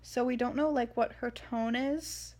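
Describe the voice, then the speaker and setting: A young woman giving casual commentary on a book she is reading, rambling and excitable with many fillers. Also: a little high, measured pace. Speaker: reader and commentator.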